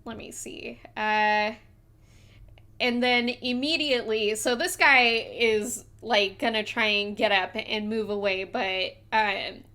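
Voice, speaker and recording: A woman's voice: a little high, fairly even intonation, takes it slowly, bright, forceful tone. A woman narrating a live tabletop game as game master, rambling with fillers and restarts.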